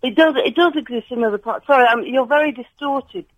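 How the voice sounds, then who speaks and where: A woman's voice: high voice, a little fast, no echo. A woman calling a radio phone-in with a question, talking hesitantly with many fillers over the phone. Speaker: caller. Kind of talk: phone-in call. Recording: phone line.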